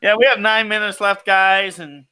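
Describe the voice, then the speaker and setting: A man's voice: high voice, fairly even intonation, normal speed, pushed and bright, clean tone, no room sound, low-quality recording. A man hosting a casual outdoors live stream, rambling and laughing often as he talks over the video call.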